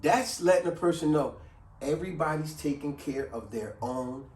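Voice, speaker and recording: A man hosting a casual advice talk, lively, who acts out quoted people in a raised voice. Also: fairly high pitch, moderate pace, distant mic, soft background music. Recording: roomy sound from off the mic.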